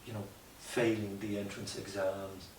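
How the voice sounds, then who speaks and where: A lowish-voiced man talks through his experiences with earnest, reflective restarts. He sits back from the mic in an echoey room. A faint hiss runs underneath. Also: little pitch movement, unhurried, distant mic. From Ireland. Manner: reflective, earnest, many restarts and "you know" asides. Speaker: guest, mountaineer. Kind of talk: conversational storytelling interview.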